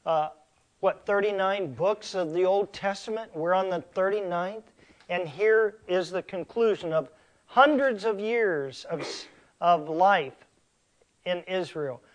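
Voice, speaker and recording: A middle-aged man preaching a sermon as pastor, slow and emphatic, asking the congregation rhetorical questions. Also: high-pitched.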